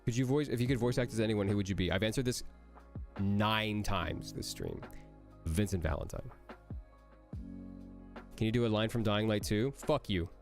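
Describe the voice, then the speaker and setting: Energetic, low-voiced male voice actor. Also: normal speed, long pauses, soft background music. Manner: energetic, rambling, jumps between jokes and praise. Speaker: voice actor answering chat questions. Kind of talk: casual livestream Q&A.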